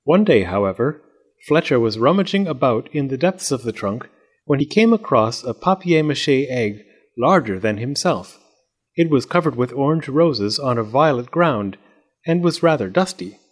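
A man reading a children's storybook aloud, narrating in an expressive, measured way. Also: medium pitch.

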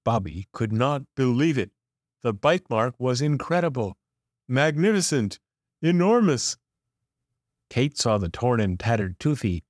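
A man reading a children's picture book aloud with expressive, playful emphasis. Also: mid-range voice, a little slow, no echo, studio quality. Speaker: storyteller.

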